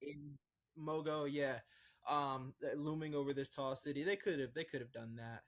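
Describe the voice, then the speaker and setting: A man talks in a loose, excited ramble as a podcast co-host. His sentences trail off and restart, full of filler words. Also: fairly high pitch, a little slow. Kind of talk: casual chat.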